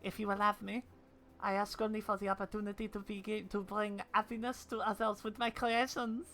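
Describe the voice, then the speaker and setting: A woman voicing a humble, apologetic male goldsmith in a mock French accent while reading game dialogue aloud, slow, soft and formal. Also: mid-range voice, flat delivery, lightly acted. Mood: earnest.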